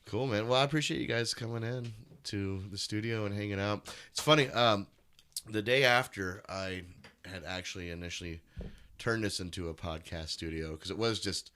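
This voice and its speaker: A man's voice: lowish voice, moderate pace, pushed and bright, clear, resonant tone. A man hosting a casual podcast in a small home studio, laughing often, swearing freely and stumbling over his words. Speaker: podcast host. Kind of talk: casual chat.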